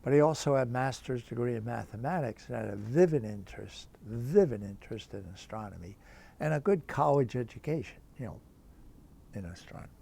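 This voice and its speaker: A man's voice: medium pitch, brisk, vocal fry. An older man, a priest, telling a chatty anecdote about a teacher, with many asides. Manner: lively, chatty, full of asides. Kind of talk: anecdotal storytelling.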